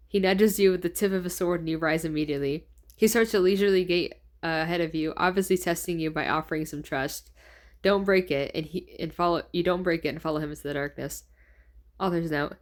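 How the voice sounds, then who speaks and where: List: woman, twenties, reading fanfiction aloud, self-correcting, amused asides, slightly low voice. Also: steady tone, fairly quick. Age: 20s. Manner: stumbles and corrects herself, laughs at her own writing. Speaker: fanfiction reader.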